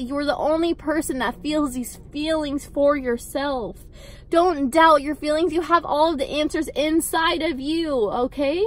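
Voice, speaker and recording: A woman's voice: high-pitched, a bit bright. A young woman vlogger giving a blunt, emphatic motivational pep talk to camera, swearing freely and repeating her points.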